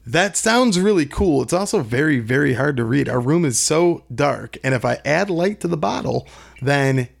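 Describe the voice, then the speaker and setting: Gravelly, chatty man podcasting. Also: on the high side, expressive, moderate pace. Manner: chatty, enthusiastic, self-deprecating. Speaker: podcast co-host. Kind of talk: casual chat, whiskey tasting. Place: small dim podcast room.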